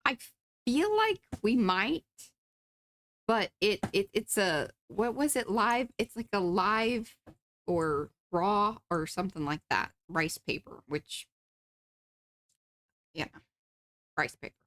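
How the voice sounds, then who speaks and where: A woman's voice: mid-range voice, lively intonation, takes it slowly, pauses often, fairly bright tone. A woman co-hosting a live art stream, joking and chatting, and reading viewer comments aloud. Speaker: co-host. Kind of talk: casual chat during a live art stream.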